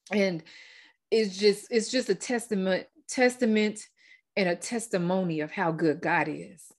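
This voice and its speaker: A woman's voice: medium pitch, a little slow. Heartfelt woman podcast host. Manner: heartfelt testimony, repeats words, fillers. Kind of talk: casual faith-based podcast talk.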